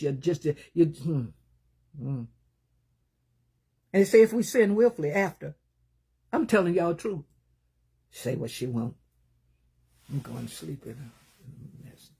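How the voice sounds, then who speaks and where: A woman preaching a sermon, talking with passion and emphasis, rising into loud bursts and then dropping to hushed, low asides. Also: animated, moderate pace, long pauses, breathy edge.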